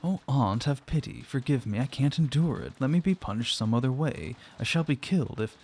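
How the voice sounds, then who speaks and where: A man's voice: mid-range voice, lively intonation, brisk, a little mellow, breathy edge. A man voicing a frightened, desperate young girl pleading in a storybook reading. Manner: pleading, breathless.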